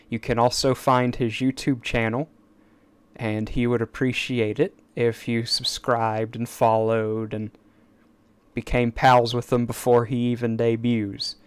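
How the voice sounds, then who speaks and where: A man's voice: mid-range voice, smooth. A man chatting on a casual live stream at his desk mic, rambling and eager, with stammered restarts and asides. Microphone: desk microphone.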